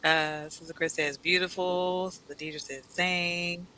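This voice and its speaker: A woman hosting a casual live stream, animated and laughing often as she reads viewers' comments aloud. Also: lowish voice, unhurried, a little hiss or hum, low-quality recording. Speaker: host.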